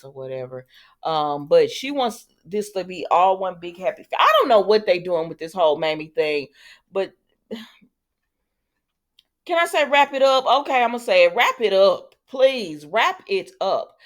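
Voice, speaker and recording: Speaking in a lowish voice, a woman chats casually and sassily to her viewers while recapping soap opera scenes, acting out the characters' lines herself.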